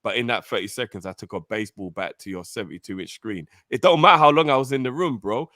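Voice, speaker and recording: A man co-hosting a football fan call-in show, laid-back and slangy, giving shout-outs. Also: on the low side, quick pace, few pauses, dry recording, clean studio sound. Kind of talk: casual chat.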